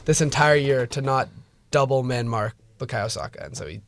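A young man co-hosting a podcast in casual chat, excitable and slangy, often cutting in. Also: medium pitch, gravelly. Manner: excitable, slangy, quick to cut in. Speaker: podcast co-host.

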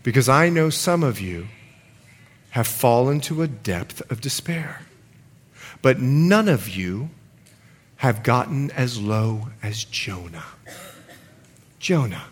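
A male pastor preaching a sermon in a church, animated and playful with his audience. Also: medium pitch, slow, long pauses, slightly rough. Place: church sanctuary. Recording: long hall reverb, congregation audible. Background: congregation.

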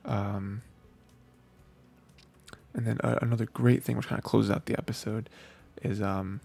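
A man co-hosting a podcast, reviewing an anime in a loose, rambling way, full of fillers and quick quoted asides. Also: on the low side, fairly even intonation, gravelly, a little mellow, husky, soft background music. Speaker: podcast co-host. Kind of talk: casual anime review chat.

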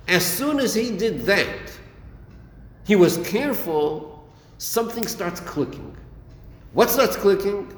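A Torah teacher leads a class on a Chasidic text, acting out dialogue and repeating his phrases. His high voice has lively intonation and an unhurried pace, and the echoey room leaves a long reverb.

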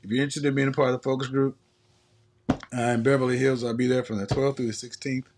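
A man's voice: mid-range voice, flat delivery, fast talker, noisy background. A man hosting a live stream, ranting in a casual comedic way, profane and laughing often.

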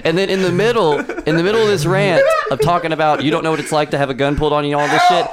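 A man telling a rowdy story in casual podcast chat, acting out shouted quotes and swearing often. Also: fairly high pitch, rapid-fire, very noisy. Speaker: comedian.

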